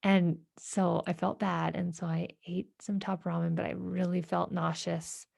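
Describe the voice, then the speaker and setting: A woman with a low, gravelly voice recounts a personal story, reflective and halting, full of fillers and restarts. The sound is dry and close, with no room echo. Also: flat delivery, a little mellow. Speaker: podcast host.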